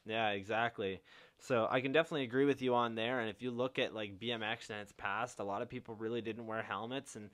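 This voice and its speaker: Laid-back swearing young podcast host. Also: male voice, on the low side, steady tone, quick pace, a bit bright. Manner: laid-back, swears often, lots of fillers. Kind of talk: casual chat.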